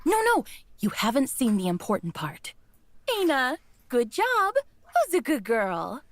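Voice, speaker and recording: A woman's voice: on the high side, huge pitch swings, measured pace, no echo, heavily acted. A woman voicing a coy, manipulative woman who talks down to others with a magic voice. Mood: cooing. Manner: coy, purring, condescending. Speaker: voice actor reading a character.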